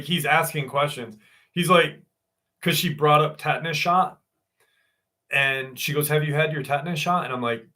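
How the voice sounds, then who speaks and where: Hosting a casual live stream, a man tells a rambling story in an unhurried, drawn-out manner. His fairly high voice is bright and forceful, and he often swears and laughs between lines.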